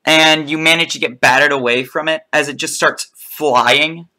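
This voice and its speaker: A man narrating as dungeon master in a casual tabletop game, talking in a loose, halting way with fillers. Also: fairly high pitch, fairly even intonation, sharp tone.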